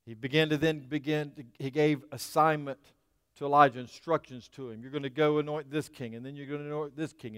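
A man preaching a sermon, moving between loud declaiming and hushed whispers. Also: medium pitch, no echo, studio quality, in a large hall. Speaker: pastor.

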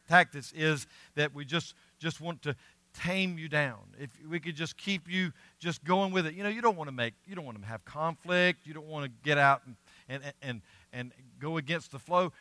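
A middle-aged pastor preaches with a bright, forceful, slightly high voice. He leans hard on key words, then drops to a quiet, confiding tone. The sound is close and dry, with no room echo. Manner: earnest, emphatic preaching with rising and falling volume. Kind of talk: sermon.

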